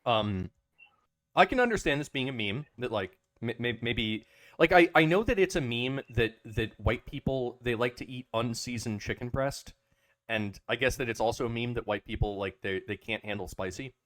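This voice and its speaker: A man's voice: medium pitch, expressive, moderate pace, fairly bright tone, no room sound. A man co-hosting a casual podcast, rambling with lots of hesitations and restarts. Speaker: podcast co-host. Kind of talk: casual chat.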